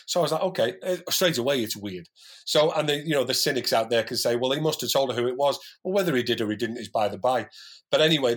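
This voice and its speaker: A man's voice: medium pitch, breathy edge. A man guest on a podcast, earnestly telling a personal story in casual chat with many restarts. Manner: earnest, talks in restarts and asides.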